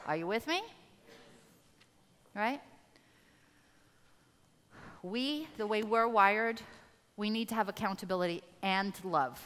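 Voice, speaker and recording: Woman speaker pumping up a crowd, bright forceful voice, big hall echo. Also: mid-range voice, takes it slowly, long pauses. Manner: rallies the audience with direct questions. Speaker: motivational speaker. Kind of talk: live motivational talk.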